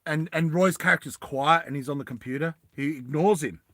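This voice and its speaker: A man's voice: on the high side, brisk, no room sound, studio quality. A man animatedly telling a movie story to friends, often asking "right?". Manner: animated, laughing, repeats "right?". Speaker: storyteller pitching a movie plot.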